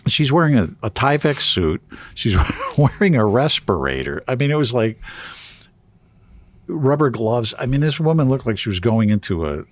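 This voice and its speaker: A man's voice: mid-range voice, sing-song, normal speed. A man co-hosting a podcast, telling a story in casual chat and laughing often as he goes. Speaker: podcast co-host.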